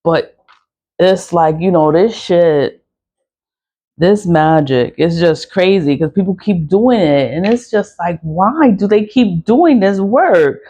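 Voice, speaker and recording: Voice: medium pitch, lively intonation, takes it slowly, dark tone. A spiritual practitioner from the talks straight to camera over a candle ritual. The speech is blunt and profane, circling back on the same phrases again and again as they vent about people who wronged them. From the Bronx, New York. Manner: blunt, profane, repetitive venting. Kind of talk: casual vlog monologue while doing a candle ritual.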